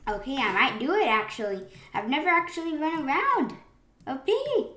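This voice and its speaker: A woman commenting live on her gameplay, excitable, with sudden gasps and rambling restarts. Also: high voice, moderate pace. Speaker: gaming channel host. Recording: roomy echo with faint keyboard clicks.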